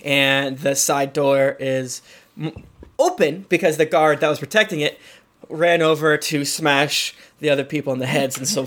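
A man's voice: on the high side, fairly bright tone. A man narrating as game master, hesitant with many fillers, who slips into voices for side characters.

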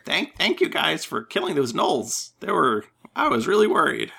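A woman voicing a small eager nine-year-old boy in a high childish voice. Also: huge pitch swings, moderate pace, gravelly, pushed and bright, husky, exaggerated voice. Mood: relieved.

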